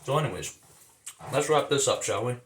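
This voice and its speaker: A man's voice: medium pitch, lively intonation, fairly quick. A man hosting a casual cooking vlog in his home kitchen, rambling, slangy and amused at himself. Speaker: cooking vlogger. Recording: echoey room, faint noise.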